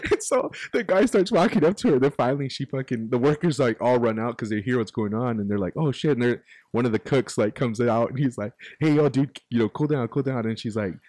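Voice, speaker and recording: A man in a recording studio talks through a story at an easy, ordinary pitch. He curses freely and slips into the voices of the people he quotes. The sound is dry and close, with no room around it. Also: fast talker, dry recording. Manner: animated, profane, acts out quotes. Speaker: podcast co-host. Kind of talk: casual storytelling.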